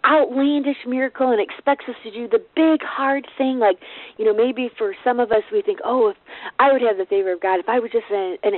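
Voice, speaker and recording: A woman's voice: fairly high pitch, brisk, no room sound. A woman giving an informal devotional to a business team, retelling a Bible story in a casual, conversational way with offhand asides. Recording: tinny phone-like, dry sound.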